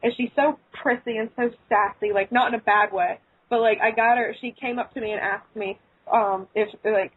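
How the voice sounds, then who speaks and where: A woman's voice: fairly high pitch, steady tone, normal speed, husky, no echo. A woman chatting casually on a podcast panel, gushing about game characters. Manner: gushing, giggly. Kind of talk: casual group chat. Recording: phone-like call audio.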